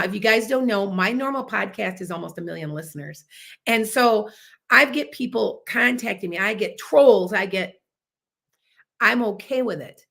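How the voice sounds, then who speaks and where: A woman in her fifties hosting a podcast, talking in an animated, emphatic way and acting out bits of dialogue. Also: mid-range voice, creaky. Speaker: podcast host. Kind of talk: casual monologue podcast.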